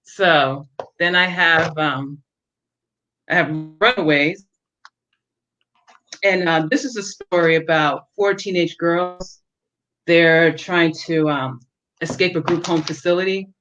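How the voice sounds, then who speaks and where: A woman's voice: fairly low pitch, a little hiss or hum. Woman author reading her novel aloud. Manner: measured, steady reading pace with a few fillers between excerpts. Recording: dull lo-fi stream audio.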